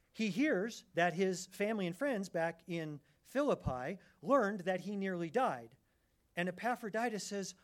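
A middle-aged man preaching a sermon, animated and conversational, often restarting his phrases. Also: sits high. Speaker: pastor.

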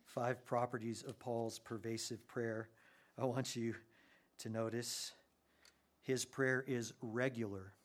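A man preaching a sermon, animated, with his voice rising sharply when he gets excited. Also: medium pitch, slow pace. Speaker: pastor.

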